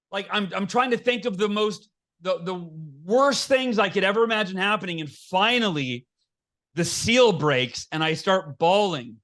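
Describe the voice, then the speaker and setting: A man's voice: high voice, fairly bright tone. A middle-aged man, a podcast guest, telling a personal story with earnest animation, stumbling on restarts and acting out the lines he quotes. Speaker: podcast guest, author and speaker. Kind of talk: candid storytelling in an interview.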